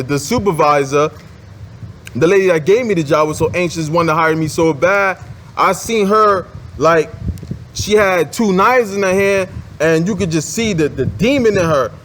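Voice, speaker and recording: A man with a fairly high voice tells a long personal story in a loose, rambling way, circling back with fillers and restarts. Faint street ambience with passing vehicles hums behind him. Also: a little slow, fairly bright tone, slight background noise. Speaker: advice vlogger. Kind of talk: casual storytelling monologue.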